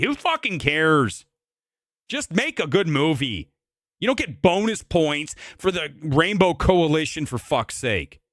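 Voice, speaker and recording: A man's voice: high-pitched, very animated, measured pace, pushed and bright, no echo, studio quality. Brash, profane man ranting at a mic. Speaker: live-stream movie commentary host. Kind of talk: ranting live-stream commentary.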